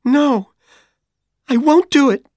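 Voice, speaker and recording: A man's voice: a little high, lively intonation, a little slow, no room sound, clean studio sound, pitched above the performer's own voice. A man voicing a tearful young college woman. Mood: angry. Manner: pleading, tearful, rising to shouts.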